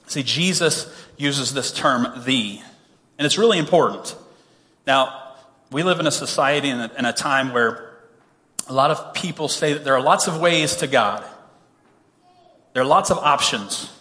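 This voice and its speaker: A man's voice: medium pitch, a little slow, pauses often, bright, forceful tone, big-room sound. A man preaching a sermon, reading scripture and then explaining it in a conversational way, with humorous asides. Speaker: pastor.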